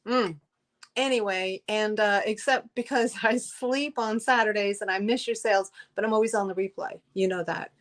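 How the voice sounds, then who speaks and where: A woman's voice: medium pitch, steady tone, moderate pace. A middle-aged woman hosting a live-stream sale, chatting effusively with viewers, with many fillers and restarts. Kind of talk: live-stream selling chat.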